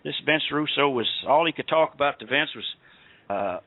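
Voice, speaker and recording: A man's voice: on the high side, animated, normal speed, no room sound. A man with a Southern US accent hosting a radio show, telling rambling stories with lots of fillers. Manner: rambling, storytelling with many fillers. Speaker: podcast host. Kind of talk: casual radio chat. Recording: dry tinny phone-quality line.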